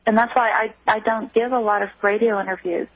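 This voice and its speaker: A woman guest on a phone-in radio interview, telling a personal account with emotion, halting and restarting. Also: mid-range voice, steady tone, no echo. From United States. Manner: emotional, halting, many restarts, acts out quoted voices. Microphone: telephone. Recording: tinny phone line, dry.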